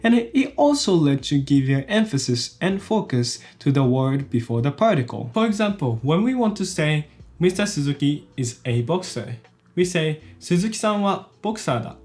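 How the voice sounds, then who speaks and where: Lively male language teacher. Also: a little high, normal speed. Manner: explains step by step, repeats each example sentence twice. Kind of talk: explanatory video lesson.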